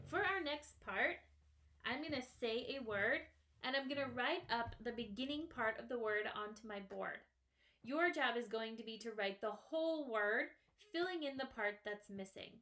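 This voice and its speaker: Woman, first grade teacher, slightly high voice, slow and patient, sounds out every word part. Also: sharp tone. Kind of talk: slow, clearly sounded-out phonics lesson. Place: classroom or home, writing on a small board.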